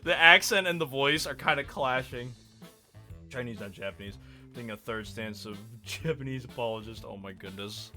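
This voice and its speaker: A man's voice: medium pitch, moderate pace, sharp tone, soft background music. A man streaming a game, chatting casually with sarcastic, joking asides. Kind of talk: casual let's-play commentary.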